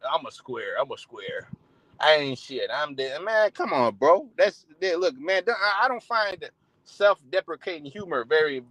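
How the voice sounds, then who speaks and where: Man preaching, fired up and profane, higher voice, dry close sound. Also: fairly bright tone, no echo, rough recording. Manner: heated, profane, many restarts. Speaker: street preacher. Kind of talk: casual sermon with profanity.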